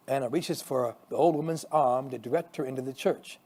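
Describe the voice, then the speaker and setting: A male pastor reading a story aloud, expressive, with small restarts. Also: medium pitch, a little fast, hardly any pauses.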